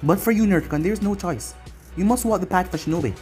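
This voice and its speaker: Reader doing a strict but loving ninja mom, talks kinda quick n earnest. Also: mid-range voice, darkish tone, soft background music, close to an everyday voice. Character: protective ninja mother, firm and caring.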